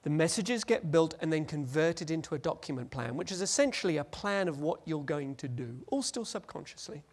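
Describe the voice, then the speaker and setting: A man giving a lively, joking conference presentation and acting out little scenes. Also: a little high, brisk. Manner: animated, jokey, acts out scenes. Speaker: conference speaker.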